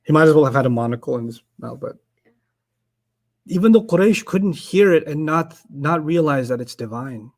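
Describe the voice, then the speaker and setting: A man teaching a classroom lesson in Quranic Arabic, who prompts call-and-response and recites rapidly. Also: on the high side, lively intonation, a little mellow.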